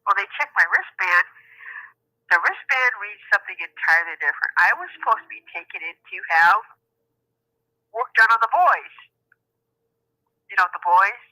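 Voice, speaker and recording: Woman calling in, bright voice, talks over a phone line, does all the voices in her story. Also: mid-range voice, moderate pace, pauses often, dry recording. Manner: animated, laughing, acts out quotes in many voices. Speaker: caller. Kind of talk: casual storytelling on a call-in show.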